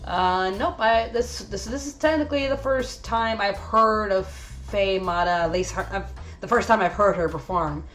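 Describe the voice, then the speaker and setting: A woman's voice: mid-range voice, moderate pace, a bit bright, faint music behind. A woman hosting a casual anime review video, chatty and enthusiastic with lots of fillers.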